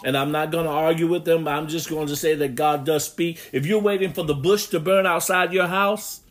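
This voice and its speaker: A man preaching a sermon, reading scripture aloud and swinging between loud emphatic bursts and quiet, low asides. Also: fairly even intonation, a little fast.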